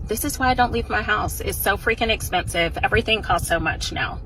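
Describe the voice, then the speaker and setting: A woman's voice: medium pitch, fairly quick, noisy background. A woman in a casual vlog, chatty and exasperated about what things cost. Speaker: vlogger.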